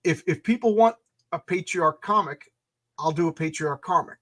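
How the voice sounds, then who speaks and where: A man talking eagerly in a casual conversation about his own comic, halting and restarting. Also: a little high, a bit bright, no room sound. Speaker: comic creator and guest.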